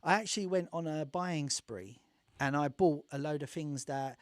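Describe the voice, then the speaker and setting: A man being interviewed on a radio show, telling rambling stories with restarts and acting out quotes in a lively way. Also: normal speed, dry recording. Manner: animated, acts out quotes with big jumps in pitch and volume; rambling with frequent restarts and laughter. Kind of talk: casual radio interview storytelling.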